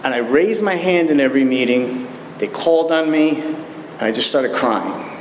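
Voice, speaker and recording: A man's voice: mid-range voice, animated, normal speed. A man sharing his personal recovery story with a live group at a meeting, candid and self-deprecating, with wry jokes. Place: meeting hall. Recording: echoey hall recording with faint room noise.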